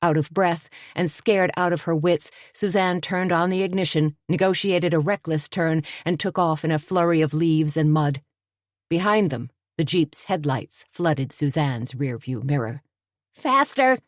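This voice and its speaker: A woman narrating an audiobook in a steady, measured storytelling voice. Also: low voice, no echo, clean studio sound.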